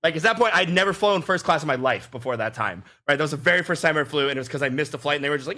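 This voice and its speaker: A man co-hosting a podcast, telling a long story in an animated, filler-heavy way. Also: fairly high pitch, very fast, few pauses. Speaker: podcast co-host. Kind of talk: casual storytelling chat.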